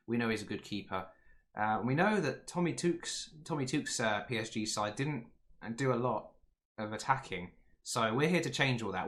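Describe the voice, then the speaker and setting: Young male gaming commentator, casual and rambling, slightly hoarse. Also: on the low side, a bit bright. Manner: chatty, rambling, with frequent ums and asides. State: slightly hoarse, losing his voice. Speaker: gaming YouTuber.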